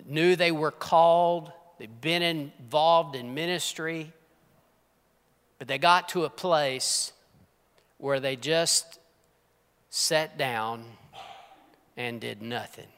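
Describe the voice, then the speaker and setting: A man preaching a sermon as pastor, dropping to hushed whispers and rising to emphatic, forceful lines. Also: fairly high pitch, slow, long pauses, smooth. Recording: long hall reverb.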